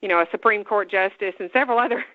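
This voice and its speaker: A woman from Alabama with a Southern accent, co-hosting a casual chat, talkative and quick to laugh. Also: medium pitch, no echo, phone-quality sound. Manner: chatty, laughs often, opinionated. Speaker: co-host.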